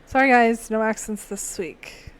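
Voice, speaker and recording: A young adult woman co-hosting a podcast in relaxed, playful casual chat, echoing her partner's words back. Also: on the high side, unhurried, clear, resonant tone. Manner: relaxed, playful, echoes her co-host's phrases. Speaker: podcast co-host.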